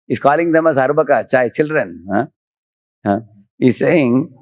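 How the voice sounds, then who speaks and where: A man's voice: medium pitch, lively intonation, a little slow, dry recording. A man giving a devotional scripture lecture, chanting Sanskrit verses and explaining them line by line. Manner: explains verse by verse, often repeating "he's saying".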